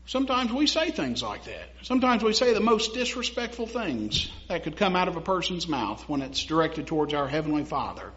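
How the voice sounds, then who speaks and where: A man's voice: on the high side, very animated, a little fast, few pauses, a bit bright. A young man preaching a sermon in a conversational way, laughing at his own stories and building to emphatic passages. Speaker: pastor. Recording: dull lo-fi sound.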